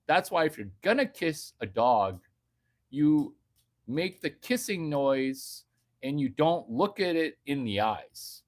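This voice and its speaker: Rambling man ranting slowly with big swings. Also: on the high side, animated. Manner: rambling and crude, swinging between loud bursts and hushed baby talk. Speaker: vlogger. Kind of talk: off-the-cuff comedic rant.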